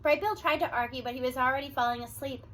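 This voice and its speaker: A woman reading a children's novel aloud with expressive storytelling. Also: sits high, fast talker. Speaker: reader. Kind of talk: children's book read-aloud.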